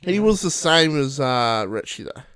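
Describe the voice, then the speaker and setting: A young man with a New Zealand accent, co-hosting a casual podcast chat, laughing often and swearing freely as he tells animated stories. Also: mid-range voice, normal speed, slight background noise. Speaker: podcast co-host.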